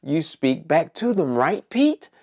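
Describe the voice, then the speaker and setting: Lively, slow-talking man teaching preschoolers. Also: on the high side. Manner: cheery, talks to young kids and puppets with many questions. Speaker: preschool teacher hosting circle time. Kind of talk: children's circle time lesson.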